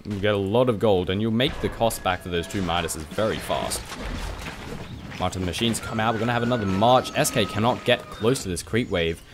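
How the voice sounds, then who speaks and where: A man casting a video game match play by play, rapid and chatty with casual swearing. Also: fairly low pitch. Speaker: esports caster. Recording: music playing behind.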